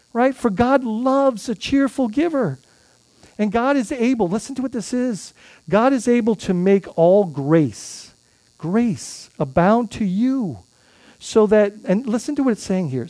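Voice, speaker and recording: Guy pastor preaching, chatty, keeps restarting and going "right?", mellow tone, dry close sound. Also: very high-pitched, dry recording. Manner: conversational, frequent restarts and tag questions. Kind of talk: sermon.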